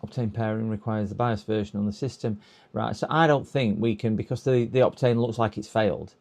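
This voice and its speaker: Man, lowish voice, muttering through repair steps on a live stream, hesitant and casual. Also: fairly even intonation, fairly quick, creaky, darkish tone. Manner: thinking aloud, hesitant, reading instructions half to himself. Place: repair workbench.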